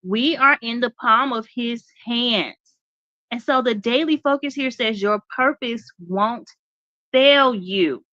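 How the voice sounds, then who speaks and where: A woman's voice: fairly high pitch, slow, pushed and bright, no room sound, highs cut off. A woman hosting a live faith talk show, speaking conversationally, asking her listeners questions, reading points aloud and repeating key phrases like a preacher. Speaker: host.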